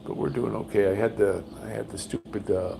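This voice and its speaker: This older vlogger has a low, gravelly voice that runs a little fast with fairly even intonation, over a noisy background. Going through cancer treatment, he rambles folksy tales on a livestream from a high-ceilinged room at home, quoting others in a higher voice.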